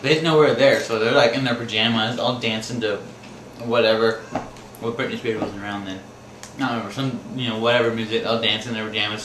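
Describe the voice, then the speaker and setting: A storyteller from Wisconsin, USA, casually rambles through funny and scary stories from his own life, laughing along and acting out the screams. His voice is on the low side with a fairly bright tone, recorded in an echoey room with faint background noise.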